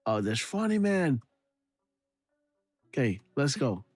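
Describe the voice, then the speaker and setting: Speaking slowly in a medium-pitched, very animated voice, a guy hosts a livestream of casual commentary, laughing a lot, repeating himself and copying sound effects. The sound is dry and close with no echo, and music plays behind him.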